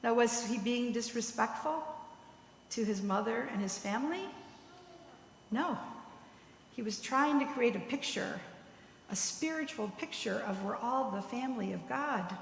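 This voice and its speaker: High bright woman preaching in echoey hall. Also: expressive, unhurried, creaky, long pauses, a little hiss or hum. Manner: storytelling, tagging points with "right?". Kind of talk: sermon. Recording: echoey hall with long reverb.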